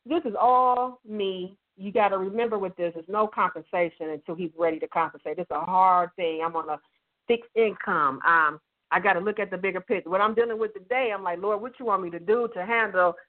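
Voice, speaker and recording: Calling in by telephone, a woman guest author shares candid personal testimony, speaking emphatically and from the heart and quoting dialogue. Her voice is medium-pitched and fairly quick, and the phone line sounds tinny.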